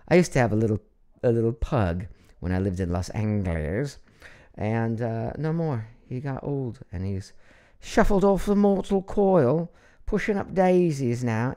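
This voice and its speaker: This middle-aged man from Ohio, USA, has a mid-range voice and hosts a casual live stream from his home. Chatty and animated, he reads viewer comments aloud and laughs often.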